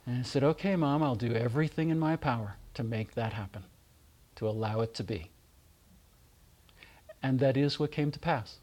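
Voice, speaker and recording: A middle-aged man gently and warmly telling personal stories in a remembrance talk, with soft pauses. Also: mid-range voice. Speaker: speaker giving a spiritual reflection.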